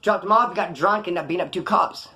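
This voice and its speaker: A man's voice: high voice, quick pace, bright, forceful tone. A man telling stories in casual, slangy street talk. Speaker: storyteller recounting prison life. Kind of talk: casual spoken storytelling.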